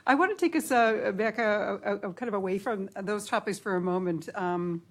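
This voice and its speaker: A woman's voice: mid-range voice, normal speed, few pauses. A woman moderates a panel discussion in a mid-range voice. She speaks hesitantly, with frequent fillers as she steers the conversation toward the next question.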